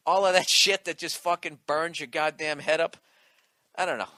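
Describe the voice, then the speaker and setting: A man's voice: on the high side, fairly even intonation, moderate pace, bright, forceful tone, no room sound. A male comedian delivering a profane, combative comedic rant on his podcast.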